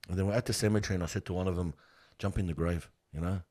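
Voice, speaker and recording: Rapid-fire and low-voiced, a middle-aged man from the funeral trade tells stories in an easygoing interview. He comes across as earnest and animated and keeps calling the listener "bro."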